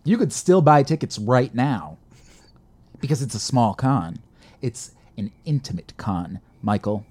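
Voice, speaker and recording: A man's voice: mid-range voice, measured pace, slightly rough. Profane, exasperated young man ranting. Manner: profane, exasperated, animated complaining. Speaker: podcast co-host. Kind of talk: casual chat. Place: lives in Midtown Manhattan.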